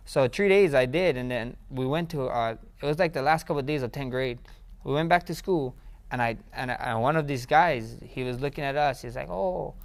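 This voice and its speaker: A young man with a mid-range voice tells stories from his past in a casual interview. He talks loosely, repeats his words and trips over his phrasing, and he often jumps up in pitch and volume when he gets excited. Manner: rambling, repeats words, grows excited and loud. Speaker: interview guest, fighter.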